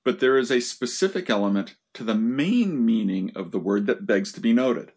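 A man's voice: medium pitch, animated, normal speed, a little mellow, slightly rough. A man giving a lecture on verse, talking to his listeners in a conversational way with wry asides. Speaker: literature lecturer.

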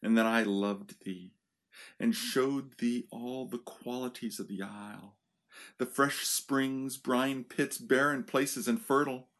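A man reading the part of a bitter, resentful male island native, reciting verse slowly and deliberately. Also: mid-range voice, a bit bright.

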